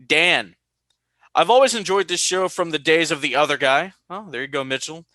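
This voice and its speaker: A young man hosting a casual podcast, telling stories with lively jumps into high-pitched quoted voices. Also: moderate pace, no echo. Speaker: podcast host.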